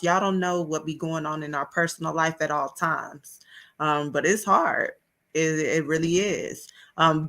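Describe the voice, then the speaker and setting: A woman's voice: lowish voice, a bit bright. A woman co-hosting a casual motivational chat, speaking in an earnest, encouraging way. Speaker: podcast co-host.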